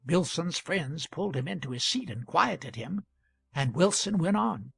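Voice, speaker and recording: A man narrating an audiobook in a measured storytelling manner. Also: on the high side, animated, creaky, fairly bright tone, slightly rough, dry recording. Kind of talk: audiobook reading.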